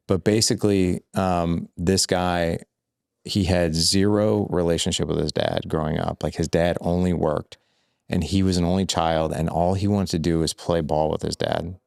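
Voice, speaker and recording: A man guest on a podcast, telling animated stories that act out quoted lines, with lots of filler words. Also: low-pitched, normal speed, creaky, no room sound, clean studio sound. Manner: rambling, heavy use of filler words. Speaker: guest, fatherhood coach. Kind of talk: conversational podcast storytelling.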